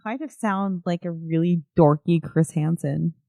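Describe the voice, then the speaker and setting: A woman's voice: lowish voice, measured pace, vocal fry, dark tone, no echo. A woman co-hosting a podcast, chatting casually in a giggly, playful way. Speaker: podcast co-host.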